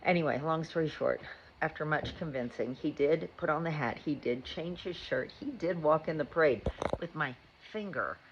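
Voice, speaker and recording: A woman's voice: deep voice, moderate pace, highs cut off, slight background noise. A woman, a mother, telling a rambling, chatty story about her day in a casual vlog. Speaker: mother and vlogger. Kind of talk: casual chat.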